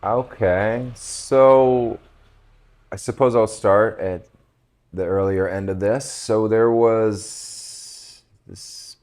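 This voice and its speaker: A man from West Virginia, a podcast guest, telling a relaxed, reflective story and laughing at himself. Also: fairly low pitch, drawn-out words. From West Virginia, USA. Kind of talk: casual storytelling conversation.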